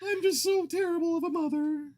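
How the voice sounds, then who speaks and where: Man doing a high, weepy mom voice; self-pitying, overdramatic, guilt-tripping. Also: fairly even intonation, fairly quick, a little mellow. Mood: wailing self-pity. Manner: wailing, tearful, overdramatic.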